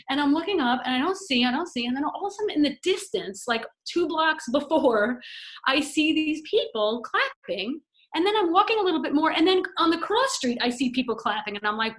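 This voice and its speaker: A woman tells a story on a video call and acts out the voices of the people in it. Her voice sits a little high. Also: brisk. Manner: animated storyteller, acts out quotes. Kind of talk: casual chat.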